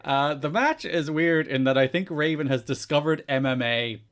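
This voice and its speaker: A man's voice: on the high side, expressive, moderate pace, a bit bright. Laughing male podcast co-host. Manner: laughs often, recaps from notes. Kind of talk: casual wrestling recap chat.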